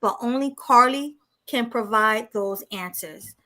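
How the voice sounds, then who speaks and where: Woman co-host, bright forceful tone, slightly high voice, sassy and blunt, reads news then riffs. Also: measured pace, a little hiss or hum. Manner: laughs often, blunt and sassy. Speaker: podcast co-host. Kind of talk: reading news aloud and casual chat.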